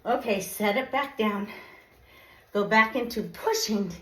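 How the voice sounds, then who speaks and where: A woman's voice: medium pitch, measured pace. Breathless woman coaching from a bike. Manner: encouraging step-by-step cues. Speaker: fitness instructor. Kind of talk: workout coaching while cycling. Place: home exercise bike. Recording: echoey room.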